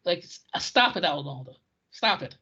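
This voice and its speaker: A podcast co-host in casual chat about old television, ranting in an excitable way. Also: medium pitch, normal speed, slightly rough. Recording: dull lo-fi recording.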